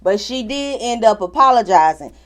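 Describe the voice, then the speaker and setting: A woman with a somewhat high voice runs a casual reality TV recap. She talks bluntly and sassily, with plenty of slang and cursing. She slips into quick impressions of the cast's lines as she retells each scene. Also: expressive. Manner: sassy and blunt, with frequent slang and swearing. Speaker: reality show recap host.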